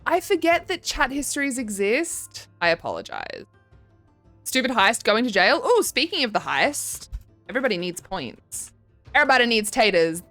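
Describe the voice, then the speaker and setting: A woman's voice: on the high side, very animated, moderate pace, fairly bright tone, faint music behind. A young woman streaming and chatting casually, reading her chat aloud and giggling often. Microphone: desk microphone.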